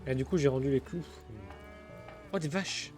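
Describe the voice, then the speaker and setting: A man's voice: medium pitch, normal speed, mellow, soft background music. A man giving casual, chatty live gameplay commentary as a streamer, reacting wryly to the game.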